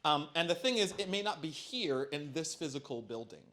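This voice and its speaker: A middle-aged man with a slightly high voice, speaking as a bishop at a parish forum. He talks in an easy, conversational way with filler ums and wry self-deprecating humor. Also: expressive, fairly quick, fairly bright tone. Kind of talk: church forum Q&A answer. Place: church hall.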